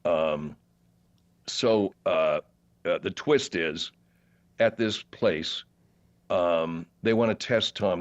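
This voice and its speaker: Rambling low-voiced man telling theater stories. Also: lo-fi sound. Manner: rambling, animated anecdotes with many fillers and restarts. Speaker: podcast guest, actor. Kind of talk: casual interview storytelling.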